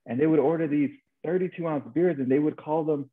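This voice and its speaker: Speaking a little fast in a higher voice, a man from El Paso, Texas tells a rambling story as a podcast co-host. He repeats words and ends lines with the tag question "right?" The recording sounds narrow, like a phone.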